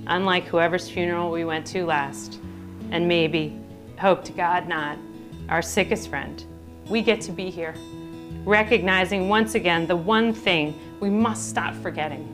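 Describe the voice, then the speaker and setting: Woman, Philadelphia accent, measured narration, plucked guitar backing. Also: fairly low pitch. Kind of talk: reflective scripted narration. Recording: narration over loud guitar music.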